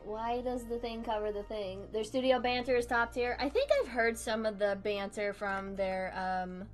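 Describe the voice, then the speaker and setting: A young woman talks loosely while she doodles, drifting between thoughts with frequent giggles and casual swearing. Her voice sits a little high, with soft music playing faintly under her. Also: fairly even intonation, normal speed. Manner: giggly, rambling, swears often. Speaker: art streamer. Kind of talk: casual chat while drawing.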